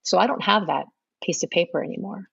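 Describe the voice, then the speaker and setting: A woman's voice: medium pitch, lively intonation, fairly quick, creaky, breathy edge, dry recording, highs cut off. A middle-aged woman, a podcast guest, telling her conversion story in earnest and acting out remembered dialogue. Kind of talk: personal storytelling interview.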